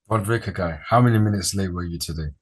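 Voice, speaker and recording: A man hosting a casual wrestling chat, relaxed and rambling, with slangy sounding talk. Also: low-pitched, quick pace, slightly rough. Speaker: podcast host.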